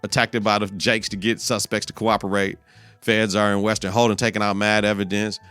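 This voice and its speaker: A man's voice: on the low side, a little fast, clean tone, no room sound, soft background music. A man hosting a podcast, recapping a TV episode in a loose, profane way and acting out the characters' lines. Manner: profane, animated, acts out quotes in voices. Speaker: podcast host.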